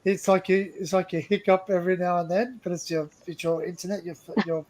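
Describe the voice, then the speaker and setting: An Australian man hosting a live stream over a video call, chatty and quick to laugh, often repeating himself. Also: sits high, fairly even intonation, a little mellow, rough recording. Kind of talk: casual live stream chat.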